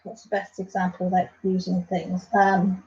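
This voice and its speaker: A woman's voice: lowish voice, completely flat delivery, normal speed, a little mellow, husky, lo-fi sound. An English woman hosting a casual live stream, chatting and reading out viewer comments in a rambling, affectionate way.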